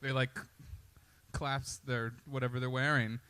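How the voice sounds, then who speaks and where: A man's voice: mid-range voice, flat delivery, a little slow, pushed and bright, clean tone, dry recording. A man doing a loose, conversational stand-up comedy set with swearing and asides, on a comedy club stage into a handheld mic. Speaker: stand-up comic.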